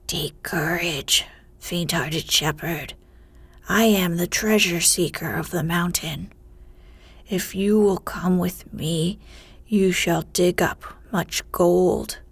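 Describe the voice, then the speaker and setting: A woman voicing a shaggy, bearded male mountain spirit in a slow, hoarse, grating half-whisper, in whispered storytelling. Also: on the low side, no echo, exaggerated voice. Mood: coaxing.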